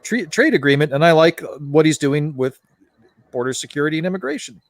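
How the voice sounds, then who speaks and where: A man's voice: fairly high pitch, sing-song, brisk, dry recording. A man hosting a casual chat, ranting in an exasperated way and swearing freely. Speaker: podcast host.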